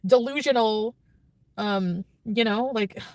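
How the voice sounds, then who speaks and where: A woman's voice: on the high side, slow, darkish tone, no room sound. A woman vlogger chatting casually, rambling and defensive, laughing often. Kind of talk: casual vlog chat.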